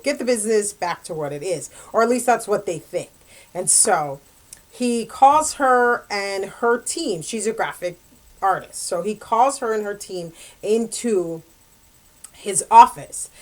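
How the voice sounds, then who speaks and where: A woman retelling a romance novel's plot in a casual, rambling book review, full of fillers and asides. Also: mid-range voice. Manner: rambling, chatty, lots of fillers and "like".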